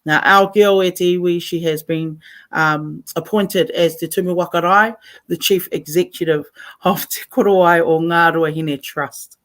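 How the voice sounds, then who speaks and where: Speaking a little slowly in a fairly low, steady voice, this Taranaki radio host chats live on community radio. She's effusive and warm, moving back and forth between Māori and English in her New Zealand accent.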